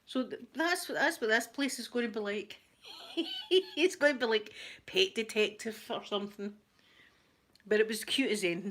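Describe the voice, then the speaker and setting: A woman's voice: mid-range voice, a bit bright. A Scottish woman talking to her viewers from home in an easygoing ramble. She pokes fun at herself and breaks into laughter often, her middling voice picked up through a laptop mic. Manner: chatty, self-mocking, laughs often. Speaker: ASMR vlogger. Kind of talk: casual chat to viewers.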